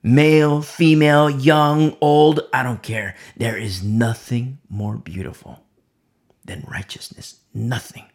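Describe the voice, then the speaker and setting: A man preaching a verse-by-verse sermon who swings from loud emphasis to hushed whispers and repeats key phrases for weight. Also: medium pitch, fairly even intonation, takes it slowly. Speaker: preacher leading a Bible study.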